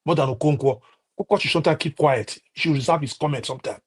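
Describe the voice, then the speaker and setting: Heated husky Nigerian man ranting. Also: fairly high pitch, quick pace. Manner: impassioned, repetitive, many restarts and fillers. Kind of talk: heated political rant.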